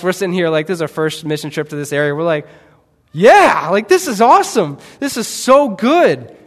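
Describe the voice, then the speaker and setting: A man preaching in a church, earnest and rising to fervent emphasis as he tells his story. His voice sits a little high for a man. The sound carries a long hall reverb. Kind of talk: sermon with a missionary story.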